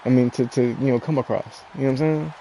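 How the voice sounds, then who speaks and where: Man, gravelly voice, warm and mellow, laid-back storytelling, chuckles, gaming stream chat. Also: medium pitch, fairly even intonation, fast, poor audio. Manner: laid-back, laughing, repeats phrases. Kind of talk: casual storytelling while playing a game.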